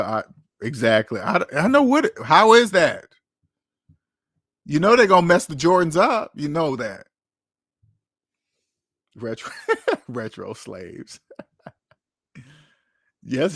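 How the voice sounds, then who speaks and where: Host, male, high-pitched and animated, dry close sound, profane storyteller who acts out quotes. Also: dry recording. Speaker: podcast host. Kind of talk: casual storytelling monologue. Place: Seattle.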